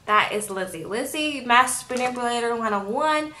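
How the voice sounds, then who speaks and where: A woman casually recapping a reality show in a sassy, animated way and acting out what people say. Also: on the high side, moderate pace, few pauses, reverberant, a little hiss or hum. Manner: animated, sassy, acts out quotes. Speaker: YouTube reality-show reviewer.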